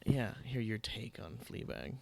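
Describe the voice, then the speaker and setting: A man's voice: on the low side, expressive, unhurried, vocal fry. A young man hosting a theatre podcast in casual, jokey chat, trailing off with fillers. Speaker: podcast host.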